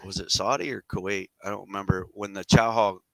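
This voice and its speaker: A middle-aged man with a fairly low voice tells a long story as a podcast guest. He talks candidly and loosely, drifting into side remarks and casual slang. The sound is dry and close, with no room around it. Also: fairly even intonation, brisk, vocal fry, no echo, low-quality recording.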